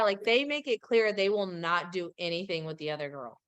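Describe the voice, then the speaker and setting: A woman's voice: medium pitch, a little fast, few pauses, fairly bright tone, smooth. A woman hosting a podcast, chatting casually and animatedly about pop culture, with plenty of gossip and giggles. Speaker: podcast host.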